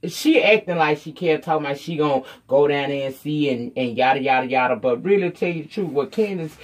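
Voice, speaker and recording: Speaking fairly quickly in a low, somewhat dark voice, a TV recap reviewer runs casually through an episode. Her commentary is sassy, blunt and full of swearing, and she performs the characters' dialogue along the way.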